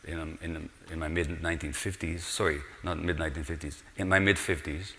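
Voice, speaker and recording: A man's voice: very deep voice, level tone, a little fast, sharp tone, a little hiss or hum. A man, a physician, giving an earnest, explanatory public lecture and stressing points with rhetorical questions. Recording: long hall reverb.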